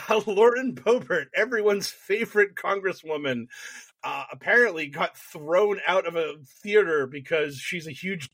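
A man's voice: on the high side, a bit bright, dry recording. A man hosting a casual political podcast over a call, rambling, self-deprecating and profane. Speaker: podcast host.

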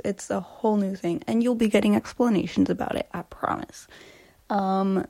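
A woman's voice: medium pitch, normal speed, creaky, dark tone. A young woman hosting a casual solo podcast, chatting in a rambling way and sometimes dropping to a whisper, recorded on a phone voice memo. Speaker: podcast host.

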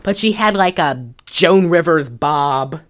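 A woman's voice: deep voice, expressive, takes it slowly. A woman co-hosting a podcast, recapping a movie in rambling casual chat full of fillers and laughs. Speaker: podcast co-host.

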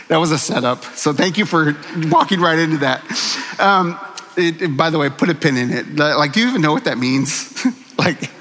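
A man's voice: a little high, expressive, normal speed, fairly bright tone, long reverb tail, slight background noise. A man preaching a conversational sermon, earnest and candid, with self-deprecating humor, in a church sanctuary. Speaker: pastor.

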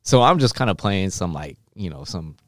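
A man hosts a podcast and chats with a guest in a loose, relaxed way, saying dude often. His voice sits on the low side. The recording is dry and close. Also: normal speed, dry recording. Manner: relaxed, says dude a lot. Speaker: podcast host and fellow DJ. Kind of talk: casual podcast chat.

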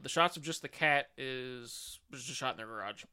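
A man's voice: mid-range voice, moderate pace, pushed and bright, clear, resonant tone. A man hosting a casual podcast, walking through a film's plot with dry asides. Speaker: podcast host recapping the film. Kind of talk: casual film recap chat.

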